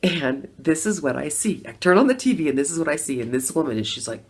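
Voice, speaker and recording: A woman's voice: low-pitched, animated, fast talker, a little mellow, slightly rough. A middle-aged woman telling a personal story in a casual, conversational way. She laughs often and acts out her own reactions. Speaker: former Democrat voter telling her story.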